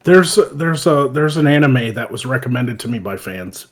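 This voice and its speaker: A man hosting a casual podcast chat, swearing freely and laughing loudly as he tells stories. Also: medium pitch, normal speed. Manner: profane, animated, laughs loudly while telling stories. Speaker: podcast host.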